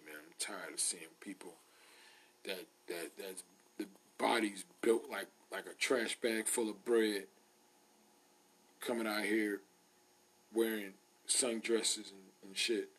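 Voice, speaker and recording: A New man hosting a podcast, ranting in loud bursts with a husky low voice. His delivery is emphatic, comic and repetitive. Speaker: podcast host. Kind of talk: casual comedic rant.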